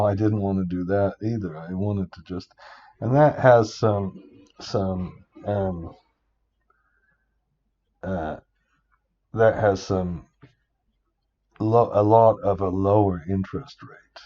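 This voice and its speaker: A man's voice: fairly low pitch, slow pace, long pauses, lo-fi sound. An older man giving a rambling spreadsheet tutorial, often breaking off with exasperated asides. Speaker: instructor.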